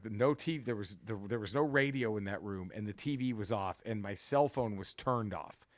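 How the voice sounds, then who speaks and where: A man's voice: lowish voice, a little fast, few pauses, no echo. Man telling a story, cursing freely, dry sound. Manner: profane, rambling, animated retelling with restarts. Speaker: podcast co-host. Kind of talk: casual storytelling.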